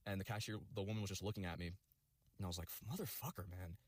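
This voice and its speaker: A man telling a personal story in a rapid, rambling way, full of swearing and fillers. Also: low voice, level tone, no echo.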